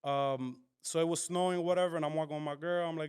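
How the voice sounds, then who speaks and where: A man on a podcast as a guest, telling his story in a casual, animated and profane way. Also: fairly high pitch, fast talker, few pauses, clear, resonant tone. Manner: animated, profane, full of fillers and quoted dialogue. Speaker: podcast guest, content creator.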